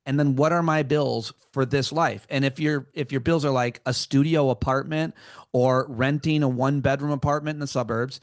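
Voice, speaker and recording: A man, a comedian guest on a talk show, giving his earnest opinion with halting restarts. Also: mid-range voice, fairly even intonation, dry recording, clean studio sound.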